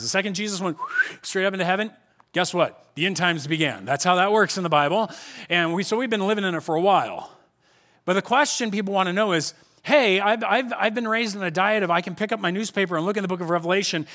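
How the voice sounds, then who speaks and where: A man's voice: sits high, fairly bright tone. A man in his forties preaching a sermon in a conversational way, often stopping and restarting his sentences. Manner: conversational, self-interrupting with restarts. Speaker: pastor. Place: church hall.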